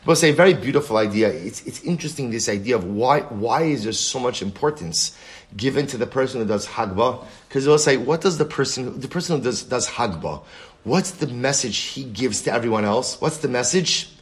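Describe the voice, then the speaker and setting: Animated man teaching a Talmud class. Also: mid-range voice, fairly quick. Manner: animated, repeats key phrases for emphasis. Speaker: Torah teacher.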